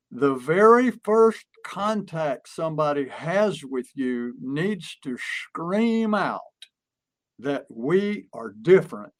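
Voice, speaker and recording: A man coaching on business, chatting casually and acting out stories with lively energy. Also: fairly high pitch. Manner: animated storyteller who acts out quotes. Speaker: pest control marketing coach. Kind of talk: casual podcast chat.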